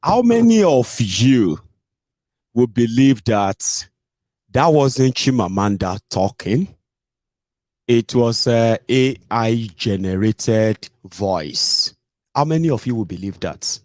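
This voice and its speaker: A man's voice: mid-range voice, lively intonation, takes it slowly, a little mellow, no room sound, studio quality. Chatty Nigerian man hosting a livestream. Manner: chatty, mixes in pidgin, frequent "eh" and "omo". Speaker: host. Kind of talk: casual livestream commentary.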